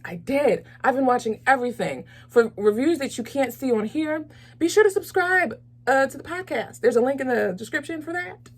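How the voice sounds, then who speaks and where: A woman hosting a casual movie review vlog, talking in an animated, enthusiastic, chatty way with frequent fillers. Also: fairly high pitch. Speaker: host of a movie review channel.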